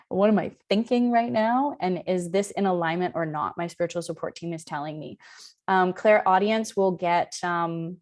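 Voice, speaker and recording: A woman's voice: lowish voice, normal speed. A woman in her thirties giving a live spiritual session, telling personal stories casually with frequent ums. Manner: casual, warm-hearted storytelling with frequent ums. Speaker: spiritual teacher. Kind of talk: live online session talk.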